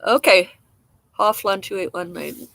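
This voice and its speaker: A woman's voice: mid-range voice, moderate pace, vocal fry, fairly bright tone, no echo. Rambling, self-mocking woman chatting outdoors. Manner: rambling, frank, self-mocking, chuckles often. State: coughing now and then. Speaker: livestream host chatting with viewers. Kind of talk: casual live-stream chat. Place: outdoors in a damp garden.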